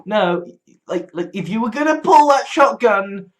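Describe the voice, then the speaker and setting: A man's animated, high voice comes a little slowly as he vlogs in a casual, meandering monologue. Restarts trip him up, the swearing flows freely, and he laughs wryly at himself again and again.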